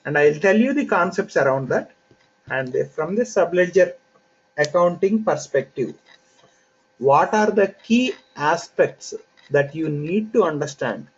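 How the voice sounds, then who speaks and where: A man teaching an online software training class, explaining concepts step by step in an unhurried way with frequent fillers. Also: on the high side, animated, slightly rough. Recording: dull lo-fi audio with faint hiss.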